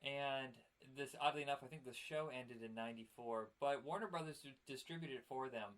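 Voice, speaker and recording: A man's voice: medium pitch, brisk, a bit bright. A man co-hosting a casual chat about old cartoons, rambling with fillers and laughing often. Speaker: podcast co-host.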